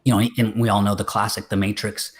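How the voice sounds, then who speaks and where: Man, low register, loose rambling talk over a video call, lots of ums. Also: level tone, fast. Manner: rambling, many fillers and restarts. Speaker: filmmaker guest. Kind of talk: casual interview chat.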